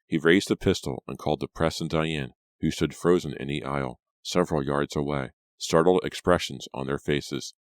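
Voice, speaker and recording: Brief: deep male narrator, steady storytelling, dry studio sound. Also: moderate pace, few pauses, no room sound. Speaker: audiobook narrator. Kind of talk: scripted narration.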